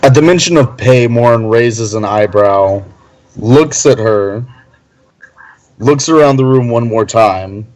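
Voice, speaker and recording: A man at a tabletop game, narrating his character's moves hesitantly. He talks slowly at a middle pitch. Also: darkish tone, low-quality recording. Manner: hesitant, many "um"s. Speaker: player.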